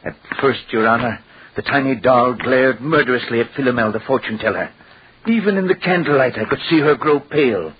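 An actor playing a scheming dollmaker who recounts events to a judge with dramatic storytelling in an old-time radio drama. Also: male voice, mid-range voice, expressive, a little fast, lightly acted. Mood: telling. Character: scheming male dollmaker testifying in court. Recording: hissy lo-fi old radio recording.

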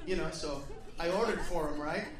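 A man's voice: a little high, moderate pace. A man performing a profane stand-up comedy routine, acting out the characters in his stories. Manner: profane, loud, acts out characters. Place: comedy stage before a laughing audience. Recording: roomy live venue, far mic, crowd noise.

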